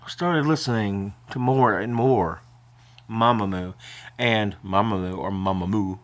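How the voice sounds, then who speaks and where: A man's voice: fairly low pitch, unhurried. An older man vlogging in a casual, rambling way, emotional and prone to choking up as he talks.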